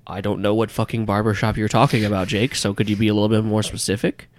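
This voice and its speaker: Sullen male cabbie, low and dry, sarcastic, as a game master puts him on. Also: flat delivery, quick pace, slight background noise, lightly acted. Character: irritable male cab driver.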